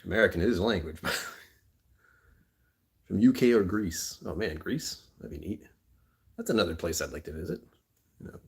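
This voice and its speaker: Male streamer, very low voice, rambling and self-mocking, phone mic. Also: expressive, a little slow, creaky, pauses often. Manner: rambling, joking, laughs often. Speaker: livestream host. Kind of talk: casual livestream chat. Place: indoors on a rainy afternoon.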